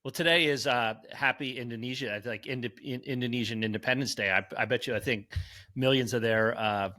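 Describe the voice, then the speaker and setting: A man's voice: mid-range voice, fairly even intonation, brisk, pushed and bright. A man co-hosting a casual podcast, dropping wry joking asides. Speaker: podcast co-host. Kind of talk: casual chat.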